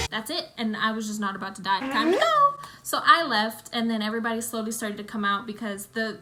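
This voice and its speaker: A young woman from Costa Rica telling an animated storytime on her own channel, acting out what others said. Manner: animated storyteller who acts out quotes in high shrieks. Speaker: YouTuber. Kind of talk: storytime vlog.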